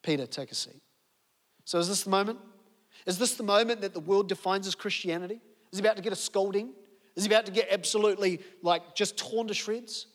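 A man's voice: high voice, steady tone, fast. A man preaching a sermon, telling a story and firing off rhetorical questions. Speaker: pastor. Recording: long reverb of a large hall.

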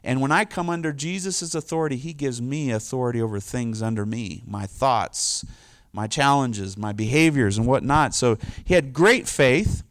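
A man's voice: medium pitch, normal speed, no room sound, studio quality. A middle-aged man preaching a casual, conversational sermon, loose and informal with lots of "like" and "you know". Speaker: pastor.

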